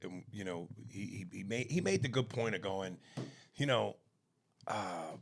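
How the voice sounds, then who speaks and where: A man co-hosting a comedy podcast in casual chat, animated and prone to slipping into quick jokey impressions. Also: lowish voice, creaky, slight background noise.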